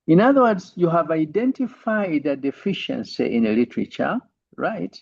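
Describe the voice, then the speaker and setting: Male lecturer teaching online, a bit high, gravelly, lo-fi video-call sound. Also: lively intonation, moderate pace, no room sound. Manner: repeats "right?" as a tag, many fillers. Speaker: university lecturer.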